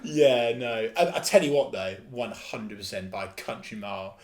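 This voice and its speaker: A man's voice: on the low side, moderate pace. A man co-hosting a football podcast, talking in an enthusiastic, emphatic way and often repeating himself. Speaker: podcast co-host. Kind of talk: casual football chat.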